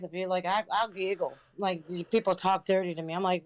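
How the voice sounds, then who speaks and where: Female podcast guest, blunt and halting, mid-pitched, swears freely. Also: rough recording. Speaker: podcast guest, reaction streamer. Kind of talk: casual chat.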